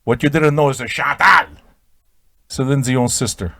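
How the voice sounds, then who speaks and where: Man, radio host, absurd rambling monologue, stammering restarts, dry sound, loud bursts. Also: medium pitch, moderate pace, no room sound. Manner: sudden loud shouted outbursts. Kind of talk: improvised comic storytelling.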